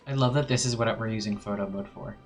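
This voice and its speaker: A man's voice: on the low side, fast. A man streaming a video game live, chatting casually and playfully, humming little filler sounds while he decides what to do. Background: faint background music.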